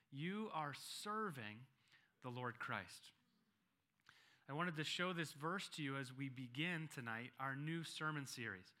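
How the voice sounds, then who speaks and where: A male pastor delivers a sermon in a bright, forceful voice pitched a touch above most men's. He reads scripture slowly and deliberately, then leans on key phrases and repeats them for emphasis.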